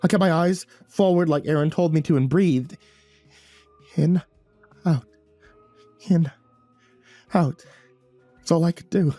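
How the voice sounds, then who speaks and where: A man's voice: on the high side, a little fast, warm tone, dry recording, soft background music. A man narrating a first-person horror story in a tense, breathless way, stumbling over words now and then.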